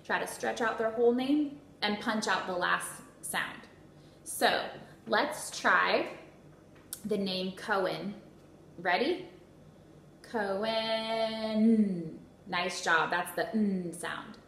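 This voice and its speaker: Bright, echoey woman teaching phonics. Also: mid-range voice. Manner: slow, clearly sounded-out words with encouraging praise. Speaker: first grade teacher. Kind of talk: phonics lesson for young children. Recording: echoey room with faint noise.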